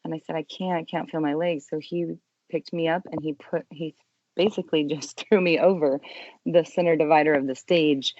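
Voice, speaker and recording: Low-voiced woman recounting a trauma. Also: no echo, muffled recording. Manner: earnest, emotional retelling with quiet hushed quotes. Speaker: podcast guest. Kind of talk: personal testimony in an interview.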